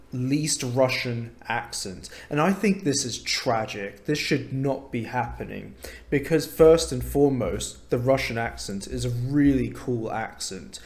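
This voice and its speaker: A young man from London with a London English accent, hosting an English lesson and giving his opinion in an enthusiastic, emphatic way. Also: medium pitch. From London, England. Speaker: English teacher, channel host. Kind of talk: casual opinion talk to camera.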